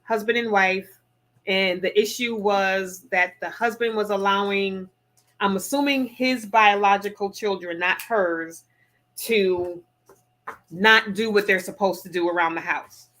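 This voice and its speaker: A middle-aged woman co-hosting a casual chat, telling a story in an animated, emphatic way. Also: medium pitch, measured pace. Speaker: podcast co-host.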